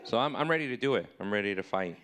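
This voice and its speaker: A man in his thirties performing a live stand-up comedy set, self-deprecating, jumping high and loud when he acts out his own replies. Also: lively intonation, rapid-fire, some chatter behind.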